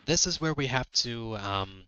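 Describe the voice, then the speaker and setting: A man's voice: mid-range voice, unhurried, highs cut off, slight background noise. A man in his thirties chatting casually and a bit ramblingly while livestreaming a fan game. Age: 30s. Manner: relaxed, rambling, with fillers. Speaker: streamer. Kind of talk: casual gameplay livestream commentary.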